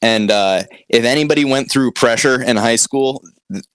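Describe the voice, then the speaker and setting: A man's voice: normal speed, a bit bright, clear, resonant tone, no room sound. A young man co-hosting a podcast, swearing constantly and launching into mock-angry rants at his listeners. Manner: profane, mock-angry rants with big pitch swings. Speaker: podcast co-host. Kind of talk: crude comedic podcast banter.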